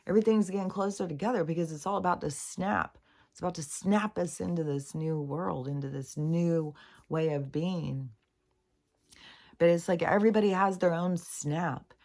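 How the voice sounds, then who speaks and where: Middle aged lady rambling about truth and the universe, low voice, kinda gravelly, swears a lot. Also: moderate pace, darkish tone. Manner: meandering, earnest, swears casually, frequent fillers. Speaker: spiritual vlogger. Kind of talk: rambling spiritual monologue.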